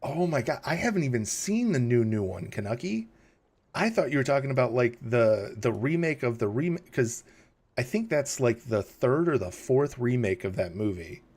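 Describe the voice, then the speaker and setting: A man's voice: medium pitch, big pitch swings, normal speed, a little mellow, breathy edge. A man hosting a livestream, rambling casually, chuckling and reading chat questions aloud, tired in the early morning. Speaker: livestream host.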